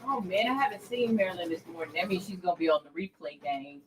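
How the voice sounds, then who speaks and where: A woman's voice: fairly low pitch, quick pace, crowd noise. A middle-aged woman hosting a craft livestream, chatting casually and expressively with viewers and calling them by name. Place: craft room.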